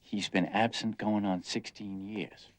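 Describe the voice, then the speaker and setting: A man's voice: lowish voice, steady tone, measured pace, natural voice. An actor playing a dreamy, restless young man, brooding and bitter, in a 1950s film. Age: young adult. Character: restless young man yearning to leave home. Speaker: restless son.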